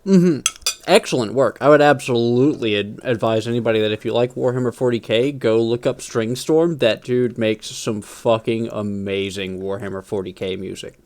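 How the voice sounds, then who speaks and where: Enthusiastic, rambling game master. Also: male voice, medium pitch, moderate pace, a little mellow. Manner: enthusiastic, rambling, lots of fillers and restarts. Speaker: game master and stream host. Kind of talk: casual chat at a tabletop game stream.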